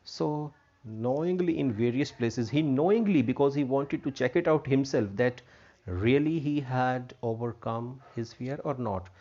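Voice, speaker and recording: Slow-talking man teaching English. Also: medium pitch, warm tone. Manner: repeats and defines words, many fillers. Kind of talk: explaining a textbook lesson. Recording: dull lo-fi recording.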